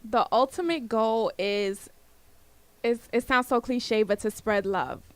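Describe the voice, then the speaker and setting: A woman's voice: on the high side, takes it slowly, no room sound. A woman who grew up in Brooklyn, talking as a guest on a radio show. She speaks earnestly and sometimes hesitates. The mic is close and dry. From Brooklyn, New York. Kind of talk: casual interview chat.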